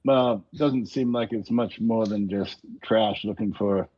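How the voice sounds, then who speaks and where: A man with a lowish voice talks casually as a tabletop game player, restarting phrases as he goes. His audio is somewhat dull, like an online call. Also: fairly even intonation, measured pace. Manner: casual, hesitant, repeats words.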